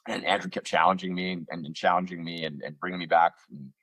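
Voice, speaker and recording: Deep, husky-voiced man on a call. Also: steady tone, fast, fairly bright tone, no room sound. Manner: rambling, self-mocking anecdotes with many fillers. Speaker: actor guest. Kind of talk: casual interview storytelling. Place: home room. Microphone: computer on video call.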